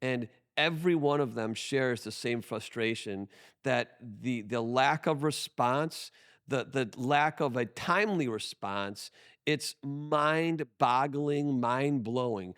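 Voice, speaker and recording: A man's voice: mid-range voice, slow pace, fairly bright tone, clear, resonant tone. A man talking as a podcast guest about his business, emphatic and full of restarts. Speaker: guest, tax firm owner. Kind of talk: conversational podcast interview.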